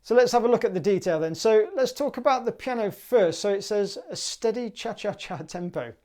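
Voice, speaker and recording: A woman's voice: medium pitch, fairly quick, warm tone. A woman teaching clarinet for a music exam, upbeat and chatty, singing rhythms aloud.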